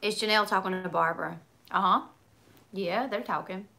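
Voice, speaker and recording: A chatty woman in her thirties talks to her viewers in a relaxed, meandering way, answering their comments as they come in. Her voice has a bright, forward edge, and her sentences run on with lots of likes and asides. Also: mid-range voice, a little fast, gravelly, a little hiss or hum. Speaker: livestream host reading viewer comments. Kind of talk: casual chat.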